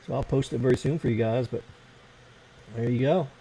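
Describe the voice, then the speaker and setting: A man's voice: medium pitch, a little fast, creaky, mellow, breathy edge, low-quality recording. Rambling, cursing American man on a livestream. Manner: rambling, profane, talks while fiddling with his computer. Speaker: livestream host. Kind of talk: casual livestream chat.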